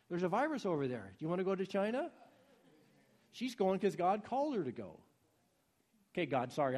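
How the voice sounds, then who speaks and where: A man preaching a sermon in a husky voice, swinging from soft pleading to loud urging. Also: fairly high pitch.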